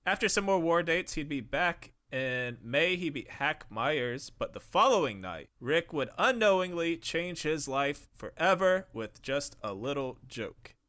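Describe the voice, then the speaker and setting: A man's voice: a little high, big pitch swings, unhurried, few pauses, sharp tone. A man hosting a podcast, reading a script in a casual, profane way and breaking into laughs. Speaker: podcast host. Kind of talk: scripted narration with banter.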